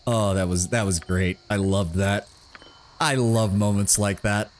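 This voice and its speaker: A man's voice: lowish voice, fairly even intonation, unhurried, slight background noise. A man commentating on a game live, casual, laughing often and swearing freely. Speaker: streamer playing a game.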